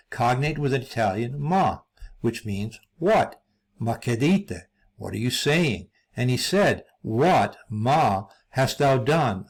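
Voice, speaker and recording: A man narrating a solo video lecture, reading from a script in a measured way, pausing between list items and sometimes restarting a word. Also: medium pitch. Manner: measured, reads lists with pauses and occasional restarts.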